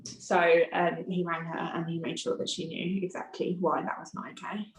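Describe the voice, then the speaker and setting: Frank, animated woman telling her story. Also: on the low side, normal speed. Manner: animated, frank, acts out quoted dialogue. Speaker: podcast guest. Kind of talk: personal storytelling in conversation. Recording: roomy echo.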